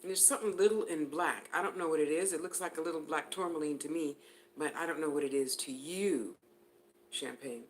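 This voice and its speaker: A woman's voice: low voice, a little fast, a little hiss or hum. Chatty woman giving a live psychic reading. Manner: chatty, giggly, addresses viewers by name. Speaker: spiritual reader.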